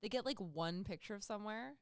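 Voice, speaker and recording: Smooth-voiced, wry woman podcast host. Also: mid-range voice, lively intonation, brisk, no room sound, studio quality. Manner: chatty, wry, laughs often. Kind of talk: casual chat.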